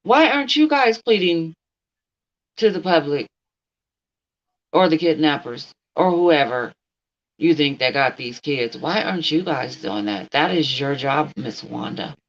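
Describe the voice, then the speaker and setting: A woman's voice: deep voice, animated, measured pace, dull audio. Blunt, outspoken woman on a livestream. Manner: blunt, talks straight at an absent person, answers chat. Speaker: livestream host. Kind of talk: casual livestream commentary.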